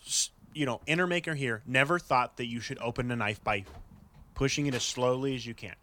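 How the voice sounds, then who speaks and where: A man's voice: mid-range voice, brisk, bright, forceful tone, a little hiss or hum. A man who runs a knife shop, chatting casually in a rambling way, full of fillers and acting out his customers. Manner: rambling, full of "like" and "you know", acts out customers. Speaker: knife shop owner on a podcast. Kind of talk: casual chat.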